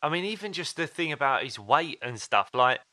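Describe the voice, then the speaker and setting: A man's voice: fairly high pitch, sing-song, fairly quick, pushed and bright, no echo. A man co-hosting a podcast, telling stories in a chatty, casual way with fillers and quoted asides. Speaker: podcast co-host. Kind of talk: casual chat.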